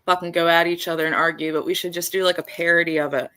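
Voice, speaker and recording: Blunt, bright-voiced woman host. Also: on the low side, little pitch movement, quick pace, clear, resonant tone. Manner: blunt and profane. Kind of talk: casual chat.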